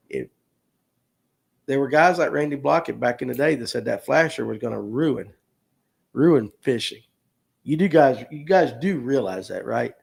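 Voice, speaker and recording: A slightly high, creaky-voiced man hosts a laid-back fishing livestream show. Hailing from North Georgia, US, he keeps it folksy and joking, reading comments aloud and speaking to viewers by name.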